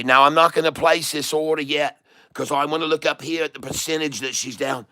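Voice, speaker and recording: A man's voice: on the high side, fairly even intonation, fairly quick, sharp tone, clean tone. A middle-aged man hosting his channel, giving live trading commentary and urging viewers to buy and sell. He repeats himself and sometimes jokingly puts on a foreign accent. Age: middle-aged or older. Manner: puts on a playful foreign accent to mix things up; repetitive, hype-style urging to buy and sell. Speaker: day trader and channel host.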